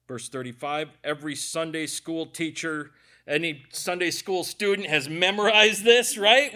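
Emotional preaching man, slightly high voice. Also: measured pace, sharp tone. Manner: earnest, emotional, with self-deprecating asides. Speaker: pastor. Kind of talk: conversational sermon.

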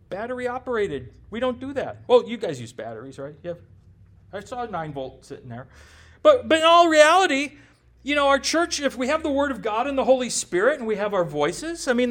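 A man with a notably high voice preaching a sermon. He talks to his congregation conversationally, throwing in jokes and asking them rhetorical questions. He comes from the United States. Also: very animated, brisk, fairly bright tone. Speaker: pastor.

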